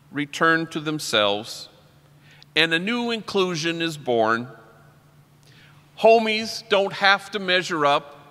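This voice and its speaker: The long reverb of a large conference hall surrounds a priest giving an inspirational, story-driven talk that quotes poets and people he works with. His voice is on the high side, sounding pushed and bright.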